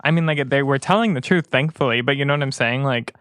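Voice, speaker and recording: A woman interviewing a guest on a podcast, asking quick, incredulous follow-up questions. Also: very deep voice, fairly bright tone, dry recording. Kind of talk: podcast conversation.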